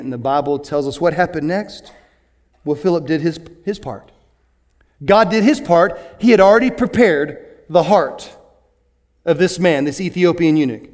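Animated high-voiced preacher. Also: male voice. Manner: animated, swings from hushed to excited and fast. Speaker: pastor. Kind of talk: sermon.

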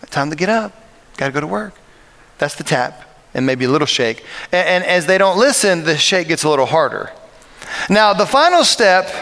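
A male pastor giving a humorous, lively sermon and asking the congregation questions. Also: on the high side, in a large hall. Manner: humorous, lively, anecdotal preaching with audience questions.

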